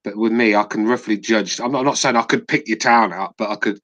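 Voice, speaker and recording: Chatty English man, lowish voice. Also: steady tone, quick pace, a bit bright, no echo, rough recording. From England. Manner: chatty storyteller, swears casually. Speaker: podcast co-host. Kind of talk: casual podcast chat.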